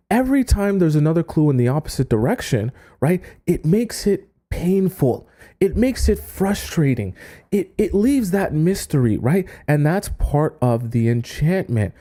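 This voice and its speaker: A man's voice: fairly high pitch, big pitch swings, a little slow, mellow. A man coaching on dating in a casual lecture, often checking in with "right?" and acting out quotes. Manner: acts out quoted voices.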